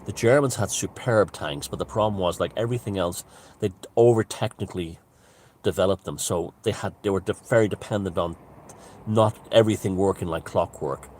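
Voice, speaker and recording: A man's voice: deep voice, a little fast, darkish tone, slight background noise. A man giving a casual, rambling monologue, emphatic and full of restarts and asides. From Ireland. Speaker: author and commentator.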